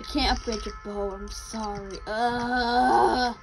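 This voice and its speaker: A woman's voice: high voice, lively intonation, normal speed, music in the background, rough recording. A young woman giving casual commentary as she plays a game, reading out the characters' lines and answering them. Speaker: gamer.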